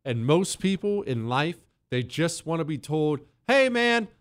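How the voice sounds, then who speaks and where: Animated, sarcastic male radio host. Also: on the high side, unhurried, no echo. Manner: animated and emphatic, sarcastic asides. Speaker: radio talk show host. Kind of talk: opinionated talk radio monologue.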